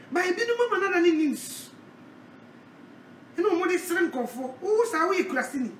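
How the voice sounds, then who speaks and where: A woman preaching a sermon, animated, with a repeated call-out refrain. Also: high voice, far from the mic, a little hiss or hum. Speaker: evangelist. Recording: echoey, from off the mic.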